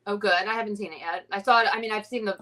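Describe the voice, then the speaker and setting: A bubbly woman chatting casually as a podcast co-host, giggling often as she gushes. Her voice is bright and forward, though she sits a little back from the mic. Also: mid-range voice, rapid-fire, recorded from a distance, poor audio. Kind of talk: casual chat.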